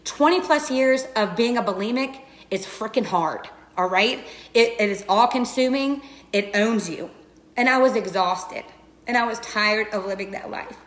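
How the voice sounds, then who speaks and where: Passionate woman, bright echoey voice. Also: fairly high pitch, moderate pace. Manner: earnest and passionate, addresses listeners as you guys. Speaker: direct sales coach. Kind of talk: emotional personal testimony.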